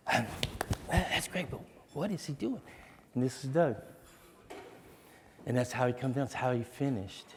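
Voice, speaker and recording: A man's voice: mid-range voice, very animated, moderate pace, pauses often, breathy edge. A man giving a heartfelt, dramatic motivational testimony to educators. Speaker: speaker at an educators' event. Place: large hall. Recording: long reverb of a large hall.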